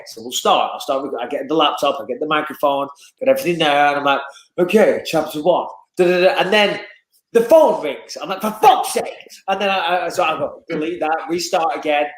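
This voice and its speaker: A man from England with a Northern English accent, telling animated stories and swearing freely as a guest in casual chat. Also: on the high side, roomy sound, low-quality recording.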